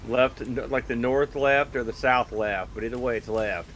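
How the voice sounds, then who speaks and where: A man with a bright, forceful voice chats casually as a player in a tabletop game, thinking aloud and floating theories. There is a faint hiss behind him. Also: medium pitch, normal speed. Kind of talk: casual game chat over voice call.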